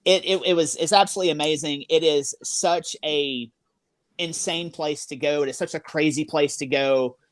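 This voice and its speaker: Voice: medium pitch, steady tone, moderate pace, no echo. Rambling paranormal investigator, dry sound. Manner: rambling, filler-heavy, awestruck storytelling. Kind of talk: casual storytelling in a group interview.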